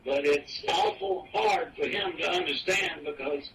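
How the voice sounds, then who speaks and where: A man in his eighties from Virginia talks casually about his life, halting and repeating himself with plenty of fillers. His voice sits a little high for his age. The old home recording catches him from across the room, under a clear layer of noise. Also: wildly swooping pitch, a bit bright, distant mic, low-quality recording. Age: 80s. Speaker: retiree interviewed in an archive recording. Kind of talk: casual reminiscing.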